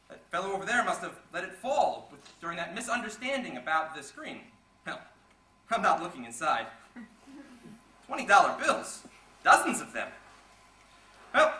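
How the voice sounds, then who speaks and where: An actor playing a sly servant and reformed petty thief in a live student stage play, talking in chatty, confiding asides. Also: male voice, high voice, bright, forceful tone, full character voice. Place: theater stage. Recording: echoey hall from far off, faint noise.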